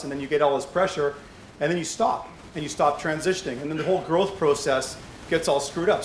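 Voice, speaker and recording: Middle-aged man, slightly higher voice, chatty anecdotal speaker with rhetorical questions, echoey hall. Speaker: speaker at a charity fundraiser. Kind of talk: conversational speech to an audience. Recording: echoey hall with faint background hum.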